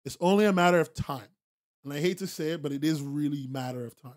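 A man's voice: a little high, fast talker. A man hosting a podcast, talking bluntly and casually to his stream chat, swearing freely and repeating himself for emphasis, laughing often. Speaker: podcast host.

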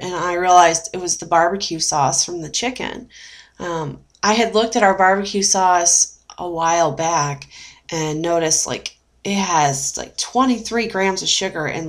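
Chatty woman telling a personal story. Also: lowish voice. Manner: chatty, many fillers and restarts. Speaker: vlogger. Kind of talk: casual storytelling vlog.

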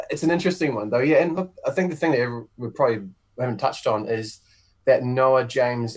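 A New Zealand man co-hosting a football podcast, chatting casually and laughing often. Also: medium pitch. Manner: laughs often, quick restarts. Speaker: podcast co-host. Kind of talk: casual sports chat.

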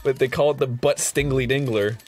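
A man co-hosting a let's play, making crude jokes, swinging from low mumbles to yells. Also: fairly even intonation, brisk. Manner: crude, joking, swings between mumbling and yelling. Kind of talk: casual gameplay commentary.

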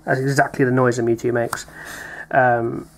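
At a normal speed and medium pitch, with little movement in it, a British co-host talks through opening card packs. He keeps the unboxing chat light and playful, chuckling as he reads the names aloud.

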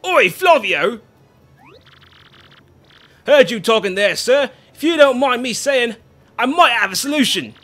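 A man doing a gruff folksy old pirate. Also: extremely high pitch, lively intonation, measured pace, pauses often, sharp tone, soft background music, pitched above the performer's own voice, heavily acted. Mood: eager. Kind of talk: reading game dialogue aloud.

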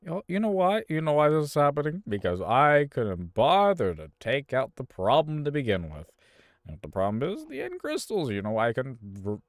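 Male gamer commentating his own play, profane and exasperated, taunting the enemies; very lively pitch, dry close mic. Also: normal speed, no room sound. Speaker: gaming YouTuber. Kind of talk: gameplay commentary.

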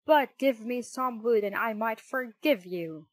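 Woman reading as an old male carpenter, quick-tempered, loud and exclaiming, slow and deliberate, dry close sound. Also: a little high, no echo, close to an everyday voice. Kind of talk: storybook reading.

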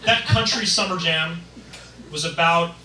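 A man's voice: a little high, measured pace. A man performing a stand-up set, chatting between his impressions. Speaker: stand-up comedian. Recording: roomy, distant, noisy live room.

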